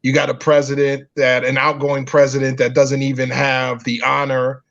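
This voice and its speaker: A gravelly-voiced man hosting a casual political talk show, speaking in a measured way with filler pauses. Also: medium pitch, completely flat delivery, a bit bright. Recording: dull lo-fi audio.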